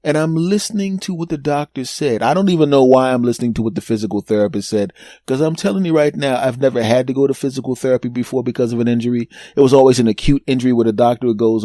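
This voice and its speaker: A man in his fifties telling a self-mocking comic story on his podcast, animated and rambling, repeating words for emphasis. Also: medium pitch, fast, dry recording, studio quality. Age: 50s. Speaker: podcast host. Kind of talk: comedic storytelling monologue.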